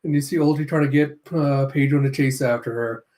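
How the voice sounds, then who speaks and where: A manga reviewer does a casual read-through of a comic chapter, narrating the panels with off-hand, sardonic asides and slipping into quick character voices. His voice is medium in pitch, steady, and darkish.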